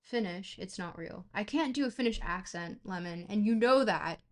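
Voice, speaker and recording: A woman's voice: mid-range voice, normal speed. Chatty woman streamer reading philosophy aloud. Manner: stumbling, self-correcting reader; chatty asides to chat between passages. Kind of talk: casual live-stream reading and chat.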